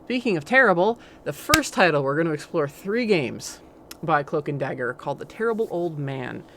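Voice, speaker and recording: A game streamer rambling through casual let's-play commentary, full of fillers and pauses. The voice sits at an everyday middle pitch. Faint noise hums in the background. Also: animated, fairly bright tone. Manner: rambling, hesitant, many fillers.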